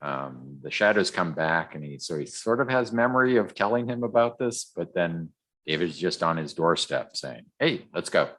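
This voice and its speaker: On a podcast microphone, a co-host with a low, expressive, somewhat bright voice talks his way through a comic recap at a moderate pace. It's a casual, rambling chat, peppered with ums and restarts.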